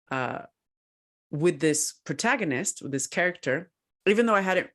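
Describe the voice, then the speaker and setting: A woman co-hosting a podcast who tells her story in a casual way, animated and laughing often. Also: sits low. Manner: animated, laughs often, acts out quoted voices. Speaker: podcast co-host and researcher.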